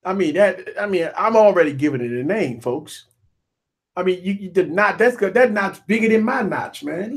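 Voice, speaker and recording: A man hosting a live tech stream, joking and ranting in an animated, repetitive way. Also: high voice, moderate pace, slightly rough. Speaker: tech show host.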